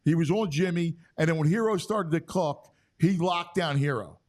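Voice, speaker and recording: A man's voice: on the high side, normal speed. A man hosting a sports talk show, chiming in with emphatic, exasperated comments in casual chat.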